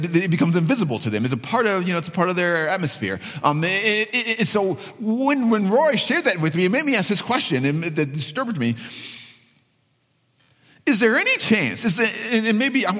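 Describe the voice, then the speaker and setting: A man's voice: high-pitched, bright, forceful tone. A man preaching a sermon as pastor, earnest and repeating key phrases for emphasis. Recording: long hall reverb.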